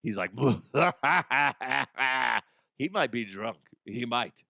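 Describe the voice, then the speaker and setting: A man hosting a comedic football rundown, with an irreverent, profane and animated delivery. His voice sits at a middle pitch, and the recording is dry and close with no room echo. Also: very slow, vocal fry. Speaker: host. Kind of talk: comedic sports commentary.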